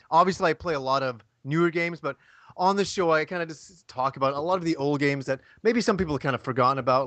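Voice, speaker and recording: A man with a Canadian accent, sitting in as a guest on a gaming podcast. He chats in a laid-back, joking way and swears casually. His voice is slightly high and dry. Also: fairly bright tone, dry recording. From born in England, raised in Canada. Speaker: guest, retro game show host. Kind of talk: casual chat.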